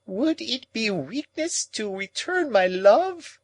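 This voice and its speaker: A man's voice: high-pitched, sing-song, slow, no echo, pitched above the performer's own voice, heavily acted. A man playing a shrieking, anguished old woman. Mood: frantic. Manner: moaning, wailing, overwrought.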